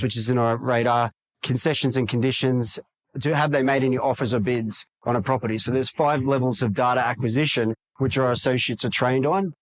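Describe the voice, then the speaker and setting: A man's voice: mid-range voice, dry recording, rough recording. A man in a podcast interview, talking energetically and acting out quoted dialogue in other voices. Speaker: real estate agent guest.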